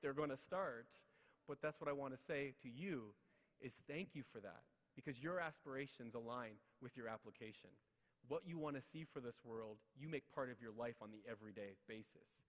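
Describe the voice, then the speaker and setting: A middle-aged man tells a lively family anecdote to an audience, breaking off now and then with joking asides. His voice sits at an ordinary male pitch. It rings out with the long reverb of a big ceremonial hall. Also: normal speed. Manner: animated, self-deprecating, addresses the crowd directly. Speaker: guest speaker at an awards ceremony. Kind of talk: humorous motivational storytelling. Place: large hall.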